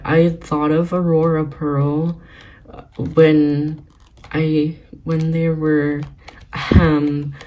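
A young woman vlogging as she plays a video game, giggly and gushing, often breaking into excited exclamations. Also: low-pitched, poor audio. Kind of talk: excited gaming vlog commentary.

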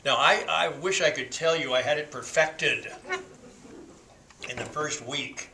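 A man in his seventies telling a story to a class in a folksy, unhurried way with frequent fillers. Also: a little high, bright, forceful tone, low-quality recording. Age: 70s. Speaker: class speaker.

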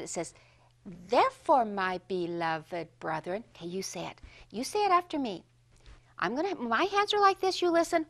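A woman gives a children's Bible lesson in a high, bouncing, sing-song voice. She takes her time, pausing over each phrase as she leads the children in call-and-response. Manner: slow, sing-song, highly expressive storytelling.

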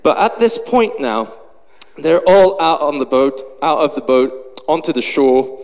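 Breathless man preaching a lively story. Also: fairly high pitch, unhurried. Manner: animated, acts out the scene. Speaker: pastor. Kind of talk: storytelling sermon. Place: large church hall. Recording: long hall reverb, faint noise.

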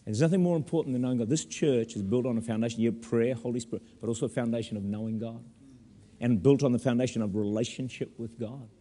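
A man preaching a sermon as pastor in a church, animated with humorous asides. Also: mid-range voice, quick pace, big-room sound.

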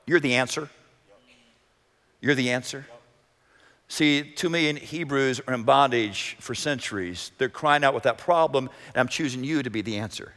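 Male pastor preaching, bright tense voice, goes loud then real quiet, echoey sanctuary. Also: normal speed. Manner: dramatic, swings from shouts to hushed lows. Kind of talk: sermon. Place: church sanctuary. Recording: echoey church hall. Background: long hall reverb.

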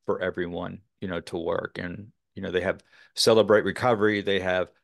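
A man's voice: low voice, fairly even intonation, brisk, vocal fry, no room sound, studio quality. A man from Texas, a podcast guest, talking earnestly in a rambling way with many fillers. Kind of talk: casual interview talk.

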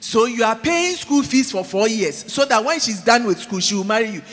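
Speaking at a moderate pace, a preacher gives an animated church sermon in a mix of English and Twi, alternating loud shouts with low asides, all in a big-room acoustic.

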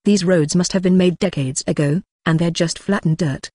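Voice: mid-range voice, steady tone, moderate pace, a little mellow, no echo, studio quality, lightly acted. An audiobook narrator reading the lines of a blunt old elf spellcaster, curt and dismissive, in a storybook. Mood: critical.

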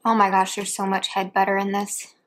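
A woman's voice: medium pitch, completely flat delivery, brisk. A woman chatting casually between bites in a home eating video. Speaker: mukbang vlogger. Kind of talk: casual chat while eating.

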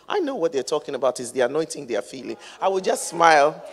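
A woman's voice: low voice, huge pitch swings, a little fast. A woman reverend preaching a sermon with emphatic, repetitive phrases that build in cadence. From England. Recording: long reverb of a large hall.

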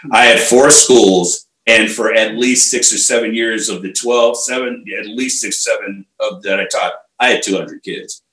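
A man in his fifties, a martial arts instructor, telling stories in a casual and animated way. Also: fairly low pitch, normal speed, hardly any pauses. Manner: animated, acts out quotes, many fillers. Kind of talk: casual storytelling. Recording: roomy echo.

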